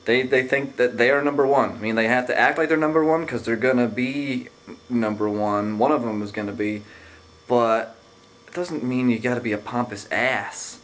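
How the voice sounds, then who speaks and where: A man's voice: medium pitch, normal speed, a bit bright. A young man vlogging a casual, sarcastic rant. He rambles and hesitates, with lots of fillers.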